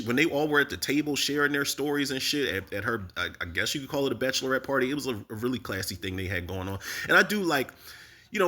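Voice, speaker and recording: A man casually recapping a TV episode, animated and profane, talking straight to his viewers. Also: mid-range voice. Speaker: TV recap host.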